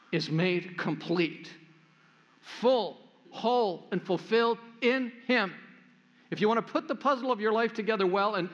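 An older man preaching a sermon as pastor, telling a family story in a church. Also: high-pitched. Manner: storytelling, acts out family voices. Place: church sanctuary. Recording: echoey hall, dull sound.

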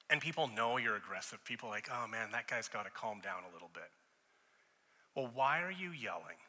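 A male pastor in his thirties preaches in a conversational way, lending voices to the people he quotes. His tone is very bright and forward. His words trail off into a long reverb, as from a church sanctuary. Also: mid-range voice. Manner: conversational preaching, acting out quoted voices and rising loud in stories. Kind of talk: sermon.

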